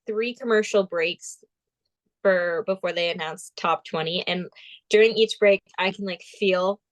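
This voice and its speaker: A woman in her twenties from Vermont, a pageant titleholder and guest who tells stories in an animated way and acts out the quotes. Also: fairly low pitch, measured pace. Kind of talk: casual interview storytelling.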